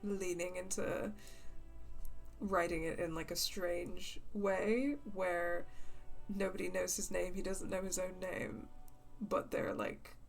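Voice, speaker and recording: A woman's voice: fairly low pitch, flat delivery, takes it slowly, vocal fry, soft background music. A woman hosting a let's-play, chatting casually with many fillers and an amused tone. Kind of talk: casual gameplay commentary.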